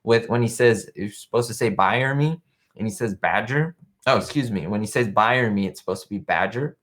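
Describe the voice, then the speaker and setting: A young man talks casually on a live stream, rambling from one thought to the next and stopping to answer viewer comments. His voice sits a bit low and relaxed. He sounds like he is speaking into a webcam setup. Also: fast. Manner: chatty, rambling, reads viewer chat aloud. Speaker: show host.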